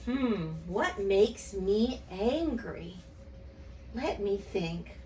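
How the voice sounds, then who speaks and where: A woman speech teacher reading and talking gently to young children in an online lesson. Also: mid-range voice, lively intonation, a little hiss or hum. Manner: gentle, slow, sing-song storytelling to kids. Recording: echoey room, voice a bit far from mic.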